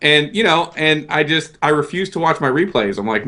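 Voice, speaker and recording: A man in his thirties, guesting as co-host, chats casually on a podcast in a slightly high, expressive, sharp voice at a moderate pace with hardly any pauses. He's self-deprecating and rambling, often stammering and restarting sentences.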